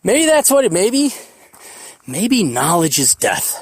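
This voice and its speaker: A man's voice: high voice, huge pitch swings, husky. A man in his forties hosting a solo podcast, rambling in a profane, reflective way. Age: 40s. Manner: rambling, profane, reflective, mocks others in quick put-on voices. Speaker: podcast host.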